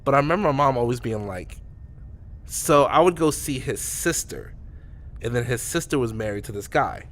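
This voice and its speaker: A man's voice: medium pitch, lively intonation, moderate pace, fairly bright tone. A man co-hosting a podcast, telling a story in a rambling way with many restarts. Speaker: podcast co-host. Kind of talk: casual storytelling.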